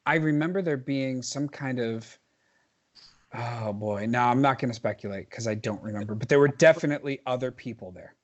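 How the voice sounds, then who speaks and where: A man's voice: medium pitch, a little fast, dull audio. A man in his forties from New Jersey, a podcast guest telling emphatic stories in casual chat, often restarting his sentences.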